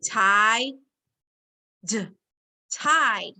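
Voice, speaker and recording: A woman teacher, slowly leading young children through a phonics lesson, sounding out words and giving warm encouragement. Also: medium pitch, creaky.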